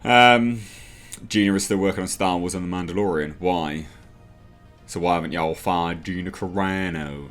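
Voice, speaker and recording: Deep and steady, this man's slightly bright voice moves at a moderate pace as he rants in a commentary vlog. He's from the United Kingdom, sounds sarcastic and fed up, and mocks others in put-on voices, with soft background music.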